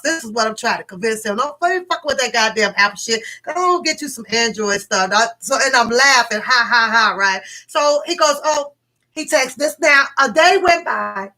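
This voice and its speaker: A middle-aged woman vlogger telling a story to her viewers in a casual, profane, animated way, laughing as she goes. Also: fairly high pitch, normal speed, poor audio.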